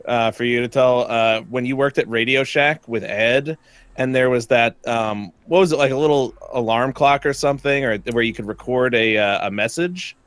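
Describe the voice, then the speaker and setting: A man's voice: mid-range voice, moderate pace, smooth, dry recording. A man chatting casually while gaming, telling a story with lots of laughter and swearing. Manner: animated, laughing, swears freely. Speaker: gamer and co-streamer.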